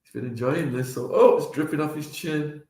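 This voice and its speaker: A man's voice: fairly high pitch, a little fast, warm tone. A man co-hosting a family live stream from home, playful and teasing as he chats with viewers. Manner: playful, coaxing, teasing baby talk. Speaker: co-host and father. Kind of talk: casual live-stream chat. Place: home kitchen. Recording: very echoey room.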